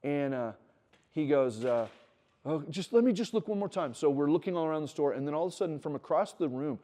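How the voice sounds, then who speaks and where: A middle-aged man with a fairly high, fairly quick voice gives a conversational sermon to students in a teaching room at a Christian wilderness school. He tells stories, acts out quoted dialogue, and builds to animated emphasis.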